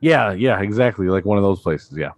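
A man's voice: on the low side, expressive, a little fast, no echo. A man co-hosting a casual podcast chat, tossing in wry jokes. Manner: wry, jokey asides. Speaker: podcast co-host.

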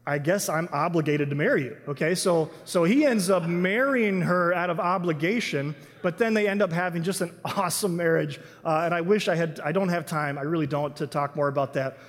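A man's voice: a little high, a little fast, few pauses, in a large hall. A man giving an enthusiastic, chatty sermon as a pastor, with frequent restarts. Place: church sanctuary.

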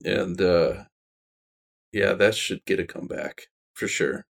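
A man's voice: deep voice, slow, gravelly. A man in a casual podcast chat, easygoing, starting sentences with hesitations.

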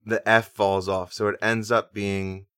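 A man co-hosting a music podcast, casually explaining things in a relaxed way. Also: on the low side, a little slow, smooth, dry recording, studio quality. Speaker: podcast co-host.

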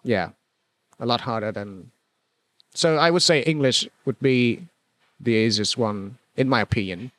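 A man from Vietnam with a Vietnamese accent, a guest in a casual conversation, talking hesitantly with many pauses and restarts. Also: medium pitch, a bit bright, no echo.

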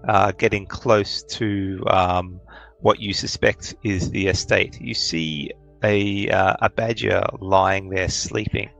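Game master, male, low gravelly voice, halting narration full of fillers. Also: fairly even intonation, fairly bright tone, soft background music, low-quality recording. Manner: hesitant, lots of ums and uhs.

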